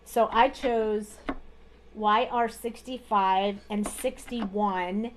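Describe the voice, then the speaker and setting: Slow, chatty woman teaching card coloring. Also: mid-range voice, a little hiss or hum. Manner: relaxed, chatty, talks through each step. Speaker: card-making instructor. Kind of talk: live-streamed coloring tutorial.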